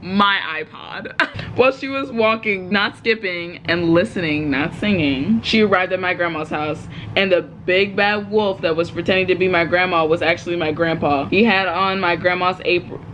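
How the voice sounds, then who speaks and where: A woman's voice: on the low side, normal speed, a bit bright, a little hiss or hum, low-quality recording. A woman reading her own story aloud, breaking off with giggles and joking asides. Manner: giggly, breaks off to laugh and comment.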